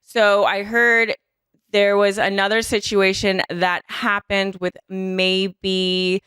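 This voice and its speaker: A woman podcast host in casual, chatty conversation, supportive and quick to laugh. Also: medium pitch, little pitch movement, fairly bright tone, clear, resonant tone, no room sound, clean studio sound. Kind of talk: casual chat.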